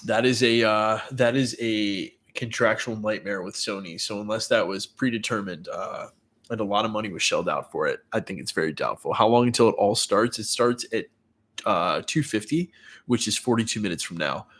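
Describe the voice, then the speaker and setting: A stuffy, congested man with a lowish voice hosts a relaxed live chat. He reads out viewer names and answers questions casually, filling pauses with plenty of "uh" and "um.". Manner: chatty, greets viewers by name, many fillers. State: congested with a cold. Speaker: livestream host.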